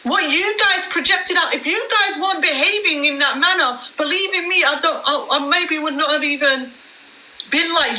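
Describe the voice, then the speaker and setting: A woman's voice: sits high, lively intonation, moderate pace, sharp tone, echoey room, rough recording. A woman hosting a heated live-stream debate, emphatic and swearing as she argues her point. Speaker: livestream host.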